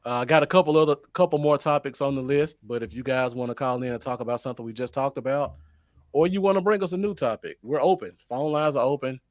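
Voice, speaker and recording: A man hosting a call-in fan podcast, talking casually and easily to his listeners. His voice sits at an ordinary pitch and is picked up dry and close, with no room sound. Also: fast talker, no room sound. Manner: easygoing, talks to the audience. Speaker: podcast host running call-ins. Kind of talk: casual chat.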